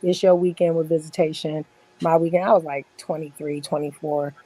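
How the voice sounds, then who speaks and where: A woman's voice: deep voice, fairly even intonation, a little fast, dark tone, no echo, low-quality recording. A woman in her forties telling stories in a casual chat as a podcast guest, blunt, boastful and full of profanity.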